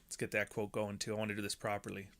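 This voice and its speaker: Blunt, bright-voiced man ranting. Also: on the low side, very fast. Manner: blunt, profane, animated. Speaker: podcast host. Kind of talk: casual commentary monologue.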